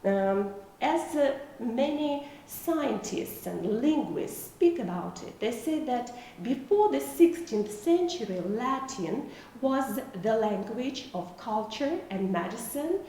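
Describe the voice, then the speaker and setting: A woman, a Russian native speaker, giving a university video lecture in English, explaining slowly with many hesitations and fillers. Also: fairly high pitch, animated, mellow. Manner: slow, careful explaining with frequent hesitations. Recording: echoey room, mic at a distance, faint noise.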